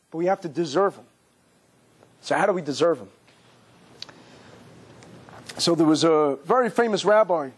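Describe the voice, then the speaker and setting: A man who is a rabbi, giving a lively sermon-style lecture with emphatic repetition and vivid storytelling. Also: high-pitched, breathy edge.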